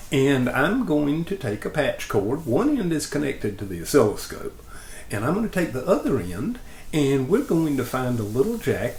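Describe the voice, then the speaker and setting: A man teaching in a patient, plain way, his voice rising and falling a lot. The room adds a clear echo, and a faint hum sits under his voice. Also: medium pitch. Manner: patient, plain explanations with lively ups and downs. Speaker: instructor. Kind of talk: demonstration lesson.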